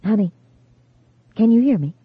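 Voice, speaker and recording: A woman voicing a calm adult female therapist who hypnotizes a girl, talking in a soft, coaxing, steady way. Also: mid-range voice, normal speed, slightly rough, no echo, phone-quality sound. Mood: gentle. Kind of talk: audiobook character reading.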